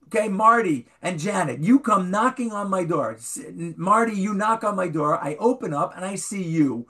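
A man with a high voice teaches an interactive Bible class to a small group at a moderate pace. Animated, he questions his students and reads verses aloud, including Hebrew.

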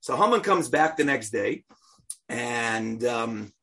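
A man retells a story as a lesson, lively and playful. He keeps asking rhetorical questions. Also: mid-range voice, slow pace, husky.

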